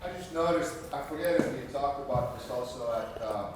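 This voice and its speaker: A man's voice: medium pitch, a little fast, background noise. Distant male student in echoey room. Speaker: workshop student. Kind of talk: telling an anecdote in class. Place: seminar room, from the back.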